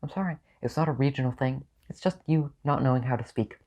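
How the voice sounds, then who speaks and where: A man talks through a casual comedy monologue with a deadpan, offhand delivery. His voice sits at an ordinary middle pitch. Now and then he jumps up in pitch for mock outrage, then drops back to his dry, unbothered tone. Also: fast. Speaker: video host ranking states.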